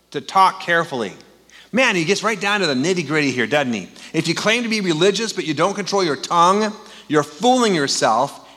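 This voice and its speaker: A man's voice: fairly high pitch, bright, forceful tone, in a large hall. A man preaching a sermon in a conversational, storytelling way, full of rhetorical questions. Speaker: pastor.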